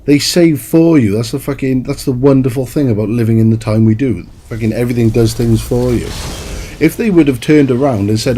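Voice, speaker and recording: A man's voice: mid-range voice, fairly quick, warm tone. A man giving a profane, exasperated rant as a gaming commentator. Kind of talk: ranting game review.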